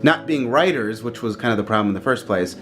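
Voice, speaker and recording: A man's voice: medium pitch, lively intonation, quick pace, over music. A man in his thirties telling a casual vlog story and laughing often. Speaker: vlogger.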